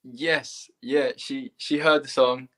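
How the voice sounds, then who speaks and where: A man's voice: mid-range voice, takes it slowly. Casting: a young man as a laid-back singer, mid-range voice, chatty. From England. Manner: relaxed, easygoing, hesitant with ums. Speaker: guest singer. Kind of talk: casual interview chat.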